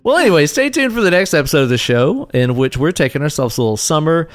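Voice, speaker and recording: A man's voice: a little high, very animated, quick pace, a little hiss or hum. A man co-hosting a movie podcast in casual chat, jokey and profane, riffing on bits. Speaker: podcast co-host.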